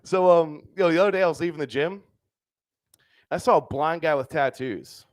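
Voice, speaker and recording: A young male comic works a club stage with a loose, crude delivery and keeps tagging lines with "dude" and "right?". His voice sits a little high for a man. The handheld mic sound is close and dry, with no echo. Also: normal speed. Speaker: stand-up comedian. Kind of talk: stand-up comedy set.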